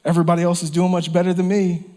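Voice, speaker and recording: A man preaching a sermon with fervor. His voice sits a little higher than most men's. He repeats his phrases for weight and at times falls to a hush. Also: completely flat delivery, very fast. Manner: impassioned preaching with repeated phrases and dropped whispers. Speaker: pastor. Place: church or campground service.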